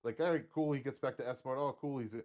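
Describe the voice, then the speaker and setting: Fast, rambling man on lo-fi audio. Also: medium pitch. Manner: rambling, halting, many fillers. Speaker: podcast co-host. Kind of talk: casual movie discussion.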